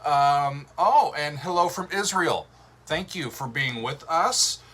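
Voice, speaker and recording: A man hosting a livestream, chatting casually with viewers in a relaxed, rambling way with lots of fillers and a drawl. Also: fairly high pitch, slow pace. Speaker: show host.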